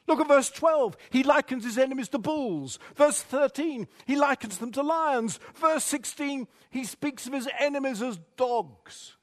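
Dramatic high-voiced preacher. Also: male voice, animated, normal speed, hardly any pauses. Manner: dramatic, reads scripture with rising intensity. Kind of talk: sermon.

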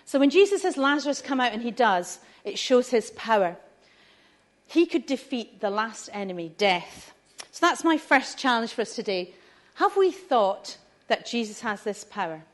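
A woman leading a family church talk, chatty and asking the listeners questions. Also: a little high. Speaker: preacher.

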